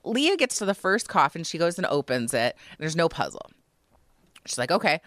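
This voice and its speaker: A low-voiced woman tells a story in casual podcast chat, and her pitch swings widely with emotion. She fills her talk with "like" and "you know." The recording is close and dry. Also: moderate pace, dry recording. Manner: animated storytelling, emotional, many fillers. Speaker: podcast co-host.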